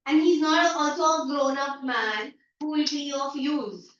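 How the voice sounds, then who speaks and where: In an online class, a woman teacher with an Indian English accent explains a story, paraphrasing lines and acting out everyday remarks. Her high voice is steady, unhurried and fairly bright, and the video-call audio sounds echoey, distant and dull, with slight background noise.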